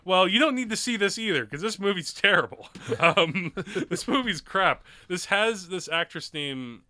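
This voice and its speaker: A man's voice: sits high, animated, measured pace, bright, forceful tone, dry recording. A man co-hosting a podcast, chatting casually about movies, rambling with lots of fillers and frequent laughs. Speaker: podcast co-host. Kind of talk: casual movie review chat.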